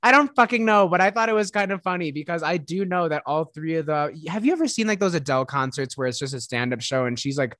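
A man's voice: on the high side, expressive, quick pace, hardly any pauses, a bit bright, no echo, studio quality. A man with a Midwestern accent co-hosting a podcast, bantering playfully with frequent giggles. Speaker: podcast co-host. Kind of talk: casual chat.

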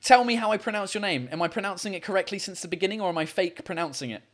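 Upbeat host with a high, bright voice, talking through a computer mic, trips over his words and keeps going. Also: very fast. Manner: upbeat, chatty, stumbles and repeats words. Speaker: host of a live video call show. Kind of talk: casual live-stream chat with callers. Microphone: computer mic on a video call.

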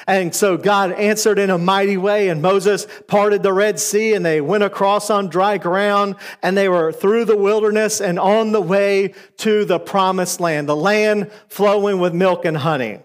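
A man with a high, light voice preaching a sermon. He retells scripture casually, stumbling over words and adding "uh" as he goes, then slipping into quick voices for the people in the story. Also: steady tone, clean tone. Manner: retells scripture conversationally with fillers and acted quotes.

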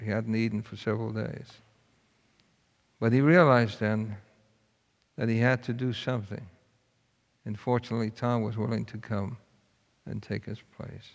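A preacher tells a story in a folksy, earnest way, his voice gravelly at mid pitch. The sound carries a long reverb from a large hall. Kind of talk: sermon storytelling.

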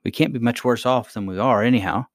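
A man's voice: medium pitch, fast talker, no echo, clean studio sound, close to an everyday voice. A man voicing a sturdy, practical young miner boy who talks bluntly and matter-of-factly in a storybook reading. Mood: musing. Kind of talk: audiobook character voice.

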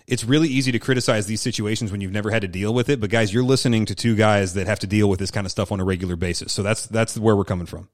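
A man's voice: fairly low pitch, steady tone, rapid-fire, hardly any pauses. A man who is a pastor, hosting a podcast and commenting in an earnest, explanatory way.

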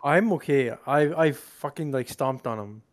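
A man's voice: mid-range voice, normal speed. A man co-hosting a podcast, blunt and teasing in casual chat, cursing offhandedly. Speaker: podcast co-host.

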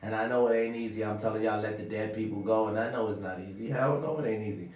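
A man with a lowish voice giving a rambling, profanity-laced motivational talk to his audience. He sounds like he is sitting back from the mic in an echoey room. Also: steady tone, fast, recorded from a distance. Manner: preachy, profane, repeats "ladies and gentlemen". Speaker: vlogger giving life advice. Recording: roomy sound, away from the mic.

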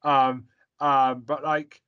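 A man's voice: medium pitch, level tone, very slow, smooth, highs cut off. A man in casual chat, blunt and rambling, swearing freely as he gives his opinions.

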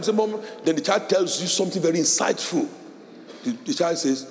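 A middle-aged man preaching a sermon as pastor, animated, laughing often and shouting in a high voice when quoting parents. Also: fairly quick, slight background noise. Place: church hall. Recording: echoey hall with long reverb.

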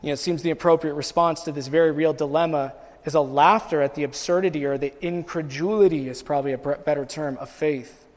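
High-voiced preacher in a reverberant hall. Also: male voice, steady tone, fast. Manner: rises in pitch and volume as he builds intensity; repeats and restarts phrases while preaching. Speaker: pastor. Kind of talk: sermon.

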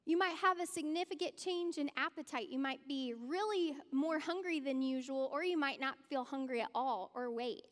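Woman, sermon, casual and direct, high voice, long reverb of a church hall. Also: moderate pace, few pauses, a bit bright. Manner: conversational, informal, addresses the audience directly. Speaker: church speaker.

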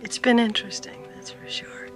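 An actress playing a tender adult woman in a film drama, speaking softly and half-whispered, heard in a clip with music. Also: fairly quick, natural voice. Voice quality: soft, breathy, half-whispered. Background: film score.

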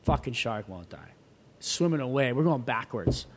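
At a moderate pace and medium pitch, this guest, a surfer, lively and profane, relates a wild story over casual talk. He performs the quoted voices of the people in it.

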